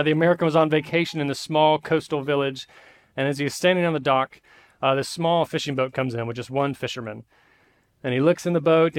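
Brief: a male pastor, relaxed and conversational, middle-pitched, delivering a sermon. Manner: conversational, frequent "uh" fillers. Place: church sanctuary.

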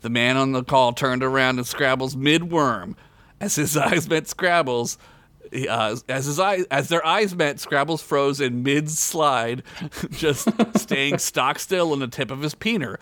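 A man tells a raunchy comic story in an easy podcast narration, dropping jokey asides between the lines. His voice sits at an ordinary middle pitch. The recording is dry and close, with no room echo. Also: measured pace, a bit bright.

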